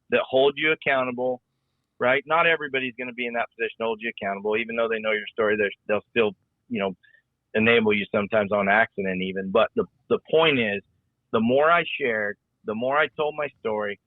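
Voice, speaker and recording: A man's voice: medium pitch, no room sound. A middle-aged man, a former rodeo rider and announcer, talking in a rambling, folksy way on a podcast, often repeating his words. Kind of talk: casual podcast conversation. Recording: tinny phone-like line.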